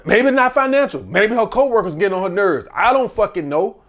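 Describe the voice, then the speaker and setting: Male advice host, high voice, animated and foul-mouthed monologue. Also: brisk. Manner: blunt, profane, animated rant. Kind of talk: casual monologue.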